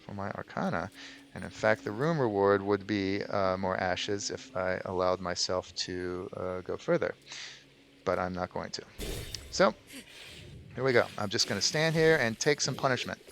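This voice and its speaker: A man's voice: deep voice, normal speed, vocal fry, a bit bright. A man hosting a let's play, giving casual gameplay commentary in a rambling way with frequent ums. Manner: rambling, many ums and restarts.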